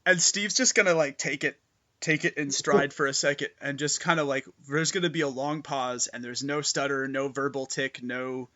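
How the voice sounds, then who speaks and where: A man narrating a tabletop game as game master, excitable and gushing, with many fillers. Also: medium pitch, normal speed.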